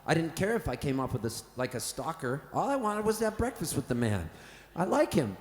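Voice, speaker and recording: A singer-songwriter from Canada telling a rambling, playful, cheerfully profane story to a live audience on a festival stage. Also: male voice, on the high side, sing-song, brisk. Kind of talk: comic stage storytelling between songs. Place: festival big top tent, live on stage. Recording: roomy reverberant live tent sound.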